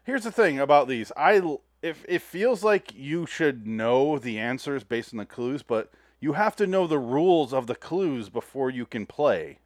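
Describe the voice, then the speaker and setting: A man from the United States co-hosts a casual podcast, recapping a TV episode in loose paraphrase and swearing freely. His voice sits in a middle pitch and is recorded close and dry, with no room sound. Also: animated, no room sound. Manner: casual, swearing, retells scenes in quick paraphrase. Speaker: podcast co-host.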